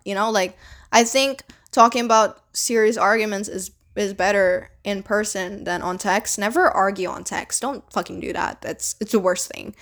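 A woman's voice: mid-range voice, a bit bright. A young woman talking casually to camera, giving blunt relationship advice with frequent swearing and loose, chatty phrasing.

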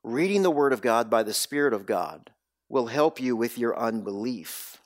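A man preaching a sermon, telling the story with dramatic swings between loud bursts and hushed, low lines. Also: animated, moderate pace. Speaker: pastor.

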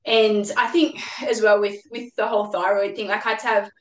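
Woman, Australian accent, calm, reflective, halting, mid-pitched, roomy echo. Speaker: podcast guest. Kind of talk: casual chat. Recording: echoey room.

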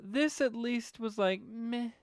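Animated man reviewing a movie. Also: extremely high pitch, slow pace, dry recording, studio quality. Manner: animated, sweary, acts out quotes. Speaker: podcast co-host reviewing a movie. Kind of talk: casual chat.

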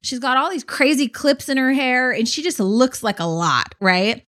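A woman co-hosting a casual chat show, telling a story in an animated, expressive way. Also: high voice, normal speed. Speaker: podcast co-host.

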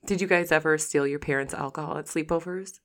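A woman's voice: low voice, fast. A young woman co-hosting a podcast, chatting casually and teasing with lots of laughs. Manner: giggly, teasing, jokey. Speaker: podcast co-host. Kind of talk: casual chat.

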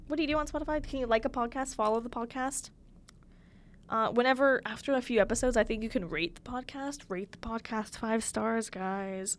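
A young woman hosting her own podcast alone in a small studio, chatting casually and gushing, swinging between loud bursts and soft near-whispers. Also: on the high side. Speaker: podcast host. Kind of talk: casual solo podcast chat. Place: small studio room with a window.

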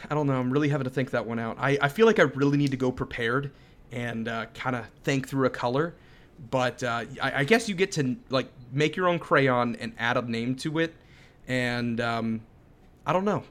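A man's voice: medium pitch, normal speed, fairly bright tone. A man in his thirties co-hosting a podcast, chatting in an upbeat, easily amused way. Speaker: podcast co-host. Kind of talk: casual chat.

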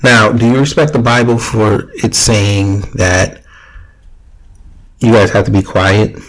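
Argumentative man, lowish voice. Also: fairly even intonation, takes it slowly, slight background noise, low-quality recording. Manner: argumentative, restarts often. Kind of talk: casual debate.

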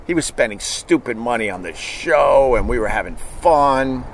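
A man's voice: mid-range voice, expressive, normal speed, few pauses, a little hiss or hum. A middle-aged man hosting a show, telling a rambling story in a casual, profane way and chuckling as he goes. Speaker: podcast host.

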